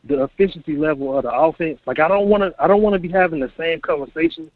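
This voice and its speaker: A man's voice: on the high side, fast talker, no echo. A man calling in to a sports show, fervent and rambling, with lots of "like.". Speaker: caller. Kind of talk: casual phone call-in. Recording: tinny phone line with faint hiss.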